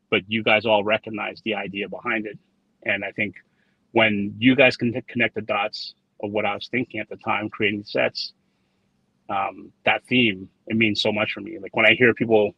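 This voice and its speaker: A trading card designer, appearing as a guest, rambles through anecdotes in a casual interview, repeating words and quoting dialogue. His voice sits on the low side and is slightly rough. The recording is dry and dull, lo-fi with no echo.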